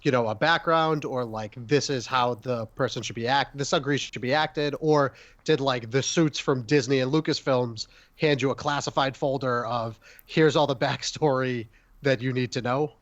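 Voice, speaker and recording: A man's voice: medium pitch, normal speed, fairly bright tone, no echo, muffled recording. A man hosting a casual podcast interview, asking long, rambling questions. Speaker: podcast host.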